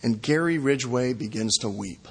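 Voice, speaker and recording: A man's voice: medium pitch, moderate pace, gravelly, breathy edge. A man preaching a sermon as pastor, earnest and repeating phrases for emphasis. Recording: long hall reverb.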